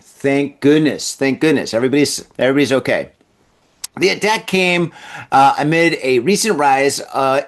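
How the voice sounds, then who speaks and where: Guy riffing on the week's news, kinda high voice, bounces all over the place, jokey and rambly. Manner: jokey and rambling, laughs at his own asides. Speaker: host of a comedy news show. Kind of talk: casual comedic news commentary.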